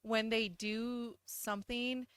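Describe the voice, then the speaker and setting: A woman's voice: fairly high pitch, level tone, takes it slowly, a bit bright, smooth, no echo, clean studio sound. A woman in her thirties, a guest on a comedy podcast, talking about motherhood in an earnest, laughing way. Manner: earnest, laughing, emotional at times. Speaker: guest, host's wife. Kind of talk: casual podcast chat.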